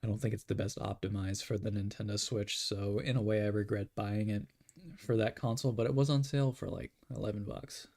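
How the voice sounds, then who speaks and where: A young man with a gravelly, fry-edged voice talks through his drawing session in a loose, rambling way. He pokes fun at himself and pads his sentences with fillers, sounding a little tired. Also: lowish voice, fairly even intonation, brisk, mellow. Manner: rambling, self-deprecating, with frequent fillers. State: yawning, tired. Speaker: art streamer. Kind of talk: casual drawing livestream chat.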